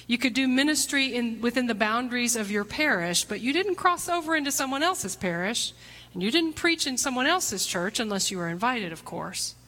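A woman pastor delivering a reflective sermon, posing questions to the congregation and sometimes dropping to a hushed near-whisper. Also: a little high, expressive, moderate pace. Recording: long hall reverb.

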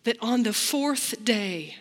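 Slow-speaking woman preaching in an echoing hall. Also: fairly high pitch, lively intonation. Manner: slow, reflective, voices quoted lines dramatically. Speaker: pastor. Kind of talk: sermon.

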